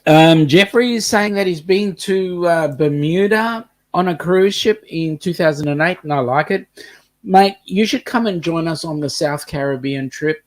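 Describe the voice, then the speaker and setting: A man's voice: fairly high pitch, moderate pace. A man with a mixed British and New Zealand accent co-hosting a casual live-stream chat, reading out viewer comments and joking around. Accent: British and New Zealand mix. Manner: chatty, reads out viewer comments, jokes around. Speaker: co-host.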